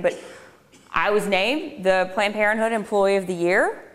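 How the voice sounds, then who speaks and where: With a mid-range voice at normal speed, a woman in her thirties addresses a live audience on a speaking tour. She recounts her personal testimony in a conversational way, slipping in dry sarcasm, and the lecture hall leaves a reverberant sound.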